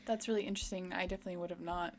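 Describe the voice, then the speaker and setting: A woman co-hosting a podcast, retelling a TV episode in a chatty, animated way and laughing easily. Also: fairly low pitch, racing, a little hiss or hum. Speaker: podcast co-host. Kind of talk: casual chat recapping a TV episode.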